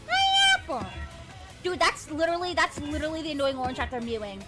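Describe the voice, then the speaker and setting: A high-voiced woman talking on a live stream, bursting with excitement and tripping over her own sentences. She rambles, restarts and swears freely. Loud music plays behind her the whole time. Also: fairly quick. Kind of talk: casual live-stream chat.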